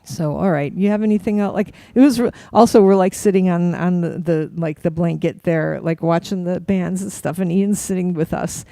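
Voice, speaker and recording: A middle-aged woman co-hosting a casual chat, telling animated anecdotes and acting out the voices of people she quotes. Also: lowish voice, normal speed, creaky, few pauses, no echo. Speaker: co-host.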